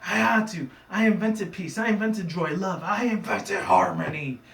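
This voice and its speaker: A man's voice: animated, normal speed, fairly bright tone, reverberant, far from the mic. A man putting on the villainous mare Starlight Glimmer. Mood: defiant. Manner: raised pitch, preening and commanding. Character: scheming female unicorn cult leader, smug and villainous.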